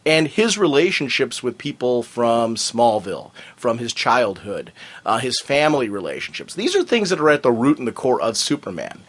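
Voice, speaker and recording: A man co-hosting a fan podcast in casual chat, talking in a rambling way with lots of fillers. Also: mid-range voice. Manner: animated, rambling with many fillers. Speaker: podcast co-host.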